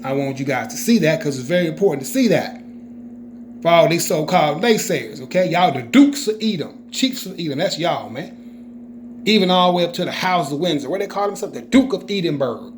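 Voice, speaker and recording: A man with a slightly high voice gives an informal, emphatic scripture teaching, constantly checking in with the listener by asking "okay?". There's a little hiss or hum in the recording.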